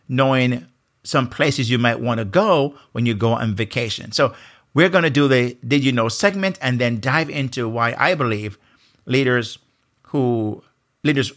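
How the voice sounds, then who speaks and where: A man with a Jamaican accent hosts a motivational podcast on leadership, his mid-range voice slightly bright. He speaks earnestly and emphatically, frequently posing rhetorical questions.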